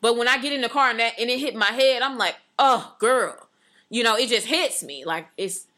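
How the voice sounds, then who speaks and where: A woman in casual, animated chat, trailing off and restarting as she talks. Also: a little high, fast talker.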